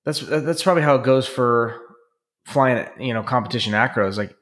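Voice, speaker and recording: A man with a middle-pitched voice co-hosts a podcast in loose, casual chat. He gets excited easily, swears freely and slips into playful mimicry. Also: normal speed. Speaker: podcast co-host.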